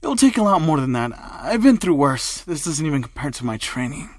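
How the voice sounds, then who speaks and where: A calm, cocky young hero, voiced by a male reader for a homemade story. He talks back with offhand sarcasm, sounding barely bothered. The recording is dry and close. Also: fairly high pitch, a little fast, dry recording. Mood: sarcastic.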